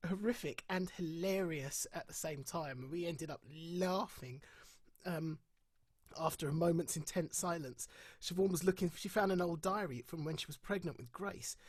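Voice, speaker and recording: A woman, a bereaved parent, telling expressive stories on a video call, acting out voices and laughing at dark humour. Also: fairly low pitch, husky, no echo. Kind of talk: candid conversational storytelling.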